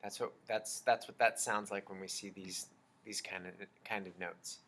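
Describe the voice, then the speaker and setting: A man teaching a children's music lesson, explaining slowly and patiently and chanting rhythm syllables. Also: low-pitched, steady tone, sharp tone.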